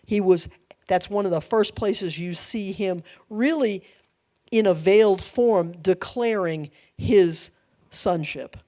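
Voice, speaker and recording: A middle-aged woman pastor teaching a Bible study, animated, laughing often and acting out quoted lines. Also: medium pitch, slow pace.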